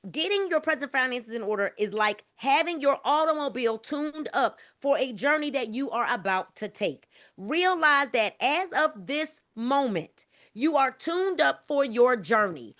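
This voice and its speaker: A woman's voice: high voice, animated, measured pace, a bit bright. A woman leading a motivational group video call, emphatic and preachy, repeating her phrases and calling the group y'all.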